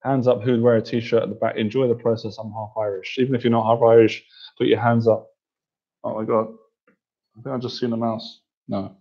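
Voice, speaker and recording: A man's voice: medium pitch, flat delivery, fairly quick, warm tone, breathy edge, lo-fi sound. A man hosting a casual livestream, reading viewer comments and cracking up with laughter, sounding tired. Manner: giggly, keeps cracking up laughing. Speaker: livestream host and coach.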